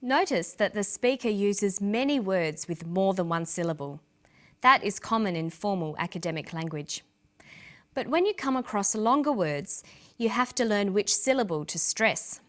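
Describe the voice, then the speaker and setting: Lady teacher walking thru english pronunciation, clear and careful, voice goes up and down a lot. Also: mid-range voice, expressive, fairly bright tone. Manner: clear, deliberate, stresses syllables for learners. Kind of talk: scripted teaching narration.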